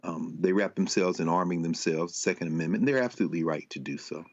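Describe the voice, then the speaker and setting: A man with a deep voice giving panel commentary in a measured, explanatory, legalistic way. His audio is dry and dull, like a lo-fi remote feed. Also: no room sound.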